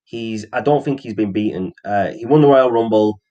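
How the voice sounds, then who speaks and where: Male podcast co-host, slightly low voice, loose rambling delivery full of ums. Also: normal speed, dark tone, dull audio. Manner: rambling, frequent ums and restarts. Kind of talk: casual wrestling chat.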